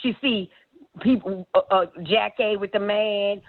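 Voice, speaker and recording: A woman's voice: medium pitch, a little slow. A woman telling gossip stories in casual, profane chat, acting out what others said. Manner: animated, profane, acts out quotes. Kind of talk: casual storytelling. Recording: tinny phone-like line.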